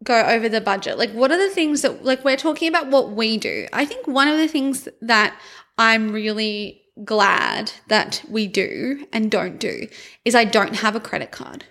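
A young woman co-hosts a laid-back podcast chat. Her voice sits a little higher than average. She talks conversationally and uses "like" often. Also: animated, normal speed, fairly bright tone. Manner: conversational, many "like" fillers. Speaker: podcast co-host. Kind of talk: casual chat.

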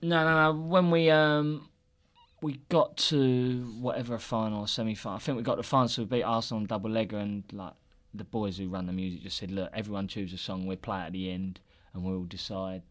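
A man's voice: fairly low pitch, fairly quick. A man telling football anecdotes in casual podcast chat, laughing and acting out the people in his stories. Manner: laughing, animated anecdotes with impressions. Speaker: podcast co-host, former footballer.

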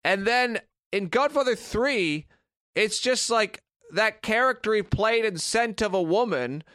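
A man's voice: high-pitched, expressive, a little slow, sharp tone, dry recording, studio quality. A man co-hosting a podcast in casual chat, blunt, opinionated and sweary. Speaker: podcast co-host.

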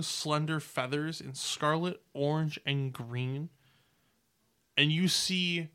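Bright-voiced male game master narrating. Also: on the high side. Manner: relaxed, descriptive, with fillers.

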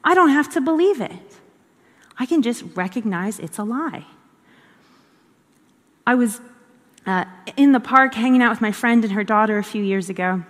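A woman's voice: a little high, lively intonation, normal speed, pauses often. Earnest woman teaching in a reverberant hall. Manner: earnest, repeats phrases for emphasis. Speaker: devotional teacher. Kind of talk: conversational devotional teaching.

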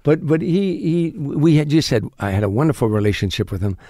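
An older man, a comedian guest in an interview, telling animated anecdotes and often restarting his sentences. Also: fairly high pitch, brisk, no echo, clean studio sound. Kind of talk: storytelling in an interview.

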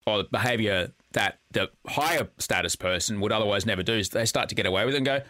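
Quick, jokey man, bright dry voice. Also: lowish voice, no room sound. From Australia. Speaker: podcast co-host. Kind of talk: casual chat.

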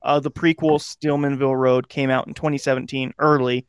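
A man's voice: mid-range voice, little pitch movement, fairly quick, clean tone, no echo, clean studio sound. A young man co-hosting a podcast, chatting casually and sarcastically, acting out movie lines as he goes. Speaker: podcast co-host. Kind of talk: casual chat.

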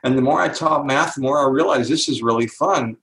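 An older man, an author and speaker, telling stories in an interview and slowing down to stress key words. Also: medium pitch, fairly bright tone, echoey room, low-quality recording. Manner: slows down to stress key words, acts out quoted voices. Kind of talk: interview storytelling.

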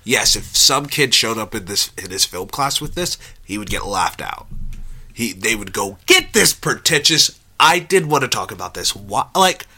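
Lively, bright-voiced man chatting about films. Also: normal speed, breathy edge. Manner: animated, laughs often, jumps pitch when joking. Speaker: podcast co-host. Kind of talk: casual film chat.

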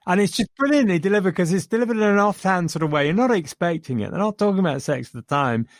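A man's voice: high-pitched, animated, quick pace, no room sound, studio quality. Chatty man reviewing a film. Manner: enthusiastic, chuckling retelling of scenes. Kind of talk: casual film discussion.

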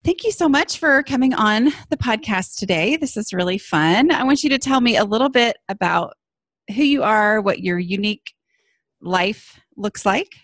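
A woman's voice: a little high, expressive, normal speed, fairly bright tone, dry recording, studio quality. A woman hosting her podcast in casual chat, rambling and chatty with lots of fillers and restarts. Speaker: podcast host.

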